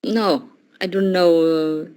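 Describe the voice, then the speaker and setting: An adult woman, an English learner giving halting short answers with fillers. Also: fairly low pitch, steady tone, a little mellow.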